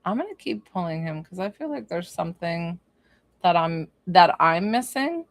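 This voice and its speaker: A woman's voice: lowish voice, expressive, normal speed, no echo. A woman working as a psychic medium, giving an informal one-on-one reading and thinking aloud with lots of fillers. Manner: bursts into laughter.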